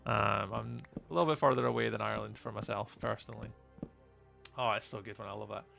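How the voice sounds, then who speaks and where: A man's voice: fairly low pitch, fairly even intonation, fast, vocal fry, bright, forceful tone, soft background music. A young Scottish man casually chatting through a live game stream, rambling and greeting his chat by name. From Scotland. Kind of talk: live gameplay commentary.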